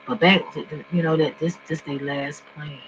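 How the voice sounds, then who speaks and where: A man ranting casually and profanely to his viewers from home, swinging between loud outbursts and low mumbling. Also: level tone, normal speed. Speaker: vlogger. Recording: dull lo-fi recording with faint mains hum.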